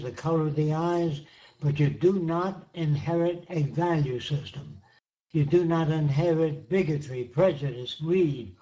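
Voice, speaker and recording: An older man gives a seminar talk, speaking slowly and emphatically and pressing each point home with simple examples. His voice sits a little high for a man. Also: darkish tone, muffled recording. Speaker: lecturer answering questions.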